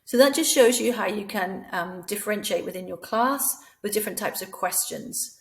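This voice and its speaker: A woman talks teachers through classroom activities in a calm, patient way. She has a creaky, gravelly edge to her voice. Now and then she sings out French phrases with a rising question lilt. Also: medium pitch, moderate pace, poor audio. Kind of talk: recorded training lesson.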